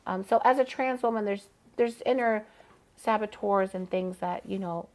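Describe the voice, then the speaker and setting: A woman's voice: medium pitch, moderate pace, a little mellow. A trans woman drag performer, a guest on a podcast, talking earnestly and rambling a little. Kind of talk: casual interview chat.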